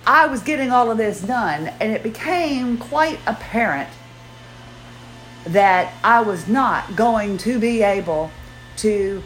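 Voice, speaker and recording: On a recording with a bit of hiss or hum, a medium-pitched woman rambles through a casual, self-deprecating monologue on her podcast. Worn out, she moves gingerly around her house while chores go on around her.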